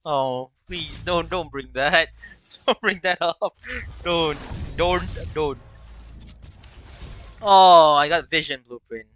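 Bright-voiced man streaming a racing game. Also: on the high side, takes it slowly, a little hiss or hum. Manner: chatty, answers viewers' chat between races; bursts into excited yelps and laughs at the race. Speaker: livestream host. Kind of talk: live gameplay commentary.

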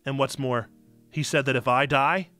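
A man's voice: mid-range voice, fairly even intonation, normal speed, bright, forceful tone, no room sound, soft background music, natural voice. A man reading aloud the lines of a worried young boy from a story he wrote as a child, in an earnest, plain delivery.

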